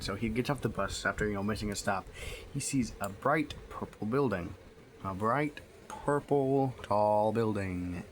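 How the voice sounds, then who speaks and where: A man's voice: lowish voice, measured pace. Man rambling through a book review. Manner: rambling, filler-heavy retelling. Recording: noisy home recording.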